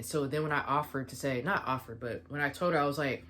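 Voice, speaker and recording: Low-voiced woman telling a storytime. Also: fast talker. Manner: animated retelling with quoted back-and-forth. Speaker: vlogger. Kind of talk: casual storytime vlog.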